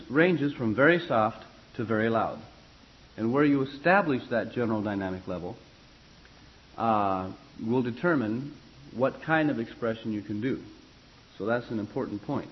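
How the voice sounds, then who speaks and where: A man with a mid-range voice teaches a choir class about vocal expression. He lectures conversationally and rambles, using fillers and restarts and spelling out musical terms. The audio sounds dull.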